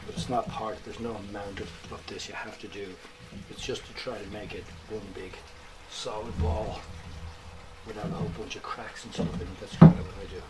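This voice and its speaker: A man's voice: fairly low pitch, steady tone, fairly quick. Joking man baking, noisy kitchen. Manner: self-mocking, joking asides. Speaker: musician making bread. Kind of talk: casual cooking demonstration. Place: home kitchen. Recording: loud background noise, running water.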